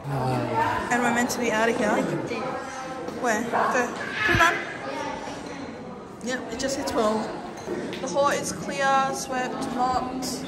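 A woman's voice: a little high, expressive, slow, pauses often, a loud crowd. A woman, vlogging by phone in a hall at night, bubbly and affectionate. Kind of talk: casual vlog chat. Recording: loud background noise.

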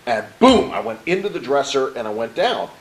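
A man's voice: mid-range voice, brisk, rough recording. A middle-aged man telling a personal story as an interview guest. He acts out the dialogue and keeps checking in with the listener. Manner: animated storyteller who acts out quoted dialogue; peppers his story with "right?" to the host. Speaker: interview guest, motivational speaker.

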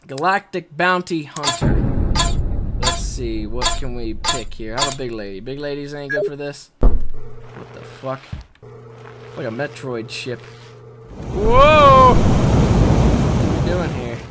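A young man doing excitable let's play commentary, yelping, shouting and swearing at game mishaps. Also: medium pitch, very noisy. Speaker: gaming video host.

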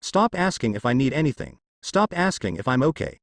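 A man doing a gruff sarcastic young guy, short answers, bouncy lively pitch, dry room, storybook reading. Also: a little fast, dry recording, natural voice. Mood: curt. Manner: sarcastic, curt.

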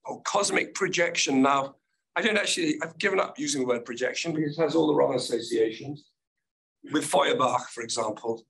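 An older man giving an academic keynote lecture, his voice croaky and gravelly, speaking thoughtfully with hesitant restarts. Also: medium pitch, a bit bright, rough recording.

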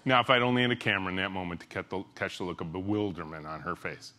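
On a conference stage, a middle-aged company CEO delivers a keynote in a low-pitched, rapid-fire voice. He tells stories animatedly, jumping between loud exclamations and hushed asides.

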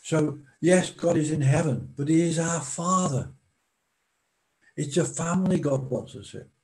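A man preaching a sermon in a slow, deliberate way, pausing for emphasis. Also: on the high side, poor audio.

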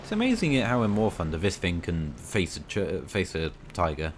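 A man talks through a tank game in a loose, chatty commentary. His voice swings widely in pitch as he cheers, grumbles and scolds enemy players with mock indignation. A faint hiss of noise sits under the recording. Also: fairly quick. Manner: excitable, banters at enemies with mock outrage. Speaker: gaming video creator. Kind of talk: casual gameplay commentary.

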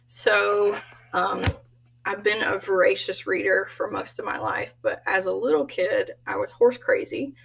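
A woman's voice: mid-range voice, lively intonation, measured pace, vocal fry, fairly bright tone, husky, far from the mic, low-quality recording. A woman giving a casual self-introduction as a graduate student, telling stories in a chatty way and laughing often.

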